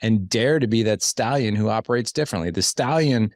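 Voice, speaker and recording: A man with a very low voice hosts a podcast conversation. He speaks emphatically and often restarts or repeats words mid-thought. His voice sounds dry and close to the mic. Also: fairly quick, few pauses, no room sound. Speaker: podcast host. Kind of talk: casual interview chat.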